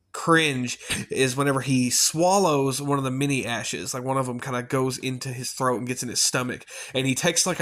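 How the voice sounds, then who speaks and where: A man's voice: medium pitch, fairly bright tone. Rambling, chatty male movie reviewer. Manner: rambling and chatty, with many fillers and casual swearing. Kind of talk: casual spoken movie review.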